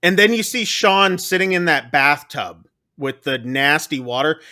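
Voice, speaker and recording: A man's voice: a little high, a little slow. A man hosting a podcast, casually recapping a horror movie scene by scene and acting out the characters' lines. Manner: animated, acts out character lines. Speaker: podcast host.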